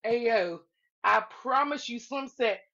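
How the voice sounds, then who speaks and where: A woman casually recounting a livestream drama, acting out everyone's lines with big jumps in her voice and frequent laughter. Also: takes it slowly. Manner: animated, acts out quotes with big pitch jumps and laughter. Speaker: live stream commentator. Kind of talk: casual storytelling recap. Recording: slightly dull lo-fi audio.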